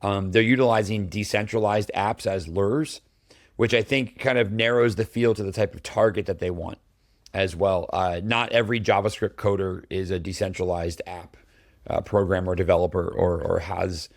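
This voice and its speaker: Man, podcast host, casual chat, rambling fillers, lowish voice, dry room. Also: steady tone, normal speed, dry recording. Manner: chatty, many fillers and restarts.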